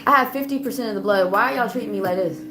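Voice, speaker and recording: A young woman hosting a livestream, ranting in a confrontational way with rapid-fire rhetorical questions. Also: mid-range voice, reverberant. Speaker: livestream host. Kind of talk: heated casual livestream rant. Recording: music playing clearly behind.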